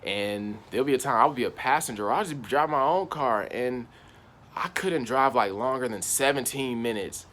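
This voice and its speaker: A man's voice: medium pitch, moderate pace, a bit bright. A young man casually telling a personal story in slangy, rambling speech. He circles back on himself and keeps repeating "I was like.". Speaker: channel host.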